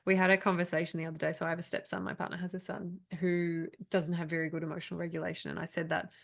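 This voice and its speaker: Woman coach in her thirties, low gravelly voice, candid and chatty, online video call. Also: flat delivery, rapid-fire. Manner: candid, chatty, laughs often. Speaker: trauma coach. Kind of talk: live online workshop talk.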